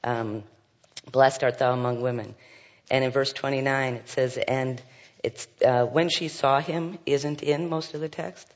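A man's voice: mid-range voice, steady tone, a little slow. A man leading a Bible study, reading scripture aloud and commenting with frequent fillers and asides. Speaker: Bible teacher. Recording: dull sound with long hall reverb.

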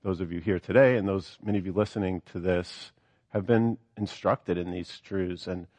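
Guy preaching a sermon, lowish voice, reads verses then gets all earnest about them, dry sound. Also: normal speed, a little mellow, no echo. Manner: earnest, reads scripture aloud then expounds with rising emphasis.

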